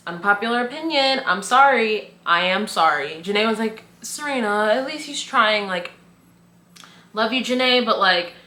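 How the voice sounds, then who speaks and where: A woman's voice: lowish voice, pushed and bright, reverberant. A young woman giving a casual, opinionated recap of a reality show, full of slang and filler "like".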